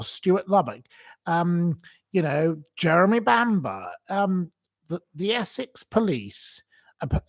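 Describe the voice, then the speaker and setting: A man hosting a live stream, answering viewer comments in an emotional, indignant rant that repeats itself. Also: fairly high pitch. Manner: indignant, ranting, repeats himself.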